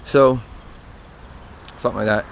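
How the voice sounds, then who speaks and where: A man's voice: mid-range voice, fairly even intonation, measured pace, creaky. Rambling man over traffic noise. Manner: meandering, self-correcting, trails off into asides. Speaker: vlogger telling personal stories. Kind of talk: casual rambling monologue.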